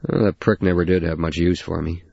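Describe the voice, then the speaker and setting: Sullen teen, read by a man, slow, husky. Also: low-pitched, little pitch movement, a little mellow, no echo, lo-fi sound. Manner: sullen, crude. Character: sullen, crude teenage boy.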